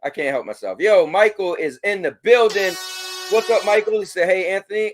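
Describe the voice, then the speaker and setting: A man hosting a casual livestream, reading chat messages aloud and giving shout-outs. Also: high voice, a little fast, soft background music. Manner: animated, talks to his dog. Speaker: livestream host.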